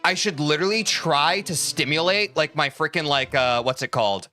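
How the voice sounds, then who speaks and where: Bright-voiced casual streamer guy. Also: fairly high pitch, normal speed, faint music behind. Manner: chatty, swears casually, answers chat messages. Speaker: speedrunning streamer. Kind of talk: casual live-stream chat while playing.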